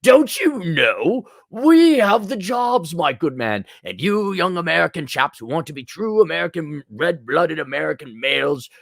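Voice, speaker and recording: A haughty, pompous snob with a put-on British accent, as a man mocks it up, drawing out each word in a raised, lofty pitch. It sounds dry and close, with no room around it. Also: very animated, creaky, a bit bright, no echo, full character voice. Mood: snooty. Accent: mock British. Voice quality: pompous, drawn-out. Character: snooty haughty police department, mock-upper-class.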